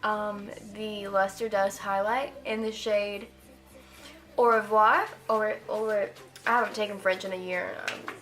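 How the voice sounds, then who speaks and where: A woman's voice: mid-range voice, little pitch movement, measured pace, a bit bright. An eighteen-year-old woman talking through a casual makeup tutorial, chatty and rambling with lots of "like" fillers. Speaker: makeup vlogger.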